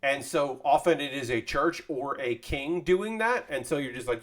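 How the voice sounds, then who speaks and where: A man's voice: mid-range voice, expressive, normal speed, few pauses, a bit bright. A man hosting a casual live stream, chatting in a rambling way with many fillers while he assembles a model kit. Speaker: streamer building model kits.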